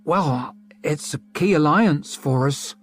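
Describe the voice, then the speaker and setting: A man's voice: a little high, takes it slowly, soft background music, pitched above the performer's own voice. A man voicing a blunt, earthy young northern woman with a dry, teasing way of talking. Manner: dry, teasing, plain-spoken.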